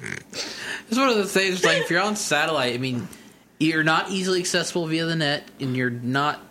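Bright-voiced, dry-witted podcast man. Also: a little high, expressive, normal speed, a little hiss or hum. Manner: dry wisecracks. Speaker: podcast co-host. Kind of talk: casual chat.

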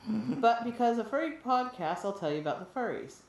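A woman co-hosting a casual podcast, laughing often and turning animated when she jokes while she reads out listener mail. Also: fairly high pitch, fairly quick, a little hiss or hum. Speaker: podcast co-host reading listener email. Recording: roomy echo.

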